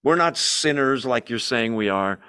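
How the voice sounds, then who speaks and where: Male Bible study teacher, mid-pitched, lively, fond of rhetorical questions. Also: measured pace, clear, resonant tone. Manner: animated, asks and answers his own rhetorical questions.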